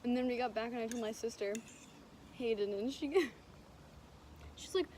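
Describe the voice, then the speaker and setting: A young woman chats casually for her vlog, telling a story with lots of acted-out quotes. Her voice sits a bit high. There is steady noise in the background of the recording. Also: normal speed. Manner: animated storytelling, acting out quotes. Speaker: vlogger. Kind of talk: casual chat. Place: vacation house near a beach. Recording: noisy background.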